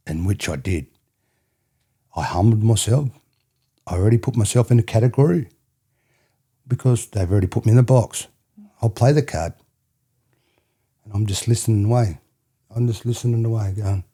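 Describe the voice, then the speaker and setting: Husky, dark-voiced Australian man. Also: lowish voice, normal speed, long pauses. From New South Wales, Australia. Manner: rambling, repeats phrases, keeps saying "you know what I mean". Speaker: podcast guest. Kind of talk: storytelling interview.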